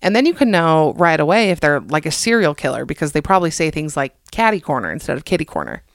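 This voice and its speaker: A woman's voice: low-pitched, lively intonation, fast talker, no echo. Podcast host, young woman from the US, dry close mic, self-deprecating and jokey. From United States. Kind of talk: casual comedic monologue.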